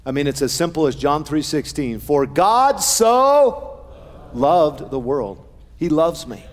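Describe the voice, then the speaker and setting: A man's voice: fairly high pitch, very animated, takes it slowly, in a large hall. A middle-aged male pastor preaching a sermon, earnest, with folksy humor and shifting emphasis.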